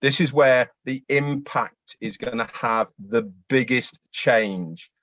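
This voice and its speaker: A man's voice: mid-range voice, slow pace, a bit bright, dry recording. A man from the UK, speaking casually and a little hesitantly as a guest at an online event. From United Kingdom. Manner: friendly, hesitant with fillers. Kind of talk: casual speech. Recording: dry, dull lo-fi audio.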